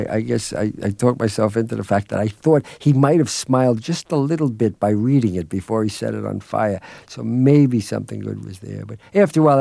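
A man's voice: lowish voice, vocal fry, mellow, dry recording. A middle-aged man being interviewed as a film director, rambling through anecdotes in a self-deprecating way and chuckling often, in a dry radio studio. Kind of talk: relaxed anecdotal interview talk.

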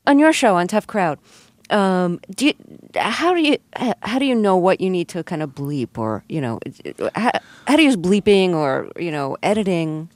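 A woman interviewing a guest on the radio, asking gentle, halting questions. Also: lowish voice, sing-song, dry recording.

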